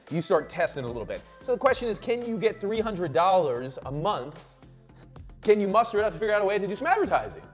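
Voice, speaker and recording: Over faint background music, a show host with a high voice delivers a hyped, loud motivational business talk, pushing hard and cursing freely. Like someone firing up a crowd, he constantly throws in "okay?" and "right?"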